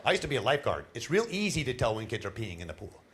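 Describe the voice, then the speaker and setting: Animated middle-aged male stand-up comedian. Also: mid-range voice, racing, a little hiss or hum. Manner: animated storytelling with laughs and put-on voices. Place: cruise ship show lounge.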